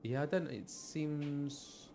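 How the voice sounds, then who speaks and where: A man's voice: fairly high pitch, slow pace, gravelly, dark tone, soft background music. A man streaming himself playing a game, chatting casually and muttering asides as he tries to remember names. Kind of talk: casual live-stream commentary.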